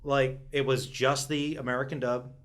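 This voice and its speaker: A man's voice: medium pitch, little pitch movement, moderate pace, a bit bright. Man, podcast co-host, casual chat, rambling, self-interrupting, chuckles a lot.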